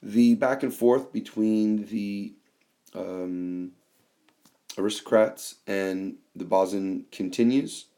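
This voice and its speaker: A man teaching a class in a screencast, explaining slowly with fillers and reading quoted lines aloud. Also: lowish voice, mellow. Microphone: tablet microphone.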